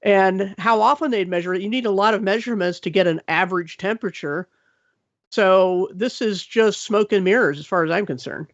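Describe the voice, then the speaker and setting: A woman's voice: mid-range voice, brisk, dry recording, muffled recording. A woman on a group call, thinking aloud and skeptical of the claims.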